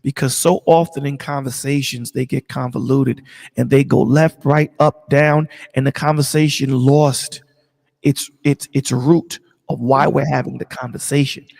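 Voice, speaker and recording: A man's voice: mid-range voice, fairly even intonation, measured pace, creaky, darkish tone, in a large hall. A man in a casual discussion, talking emphatically and repeating his points like a preacher. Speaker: stream co-host.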